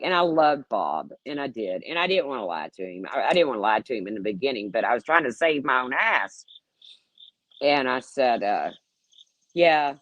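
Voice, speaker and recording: A woman's voice: extremely low pitch, dry recording, highs cut off. A middle-aged woman telling candid stories in a casual way, swearing freely and acting out what people said. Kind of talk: casual storytelling.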